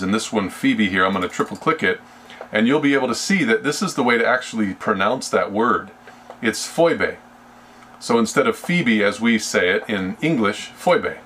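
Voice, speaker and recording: A man leading a Bible study, speaking slowly and deliberately and often restarting his sentences. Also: lowish voice, a bit bright, a little hiss or hum. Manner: slow and deliberate, with frequent restarts. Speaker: Bible teacher.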